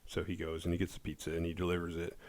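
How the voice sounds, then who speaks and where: A man casually recapping a horror movie's plot, laid-back and profane, slipping into quick voices for the characters. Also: low-pitched, monotone, darkish tone, no echo.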